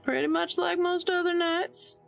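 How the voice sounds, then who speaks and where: A woman voicing a sharp-tongued old farm woman with a put-on Southern accent, dry and teasing. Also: extremely high pitch, little pitch movement, normal speed, creaky, faint music behind, pitched above the performer's own voice, heavily acted.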